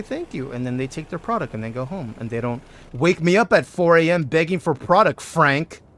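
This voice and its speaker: With a mid-range voice over a faint hiss or hum, a game streamer casually comments and jokes around with the characters on screen. Every so often he breaks into loud, excited bursts.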